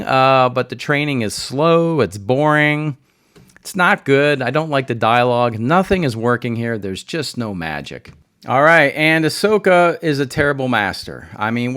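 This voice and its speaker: Brief: a sarcastic male reviewer, smooth, clear tone, rambling and casual. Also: mid-range voice, fairly bright tone. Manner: sarcastic, rambling, many fillers. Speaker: video reviewer.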